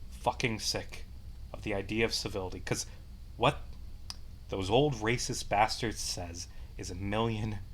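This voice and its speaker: A man's voice: on the low side, measured pace, a little hiss or hum. A young man in a heated, profane vlog rant, repeating himself as his anger builds. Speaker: vlogger. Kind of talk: angry personal rant.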